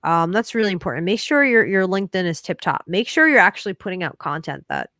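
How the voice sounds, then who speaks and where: A woman's voice: fairly low pitch, animated, fast, sharp tone, dry recording, clean studio sound. A woman hosting a casual livestream Q&A, upbeat and chatty, calling her guest "bro.". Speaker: livestream host.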